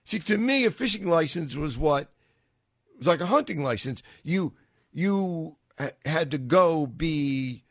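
A man's voice: on the high side, animated, a little slow, no room sound. A middle-aged man hosting a talk radio show, telling a rambling story with wry asides into a studio microphone.

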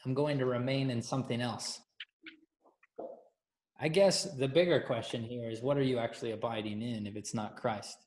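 A man's voice: mid-range voice, steady tone, normal speed, darkish tone, slight background noise. A man giving a casual, playful sermon that keeps asking the audience questions. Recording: echoey room.

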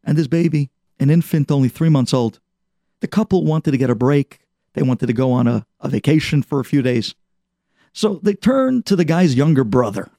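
A man preaching a sermon as an animated parable, acting out the characters. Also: medium pitch, moderate pace, no room sound, studio quality. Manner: animated parable-telling with voices. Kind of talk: storytelling sermon.

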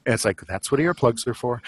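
A man's voice: mid-range voice, animated, moderate pace, a little hiss or hum. A middle-aged man hosting a podcast, chatting casually in a rambling way with lots of fillers and chuckles. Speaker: podcast host. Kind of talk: casual chat.

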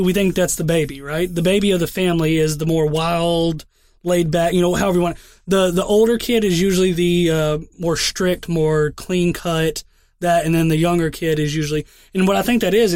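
A man's voice: high voice, a little mellow, no room sound, studio quality. A young man co-hosting a podcast, telling rambling stories in casual chat with heavy swearing. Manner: profane, rambling storyteller. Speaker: podcast co-host.

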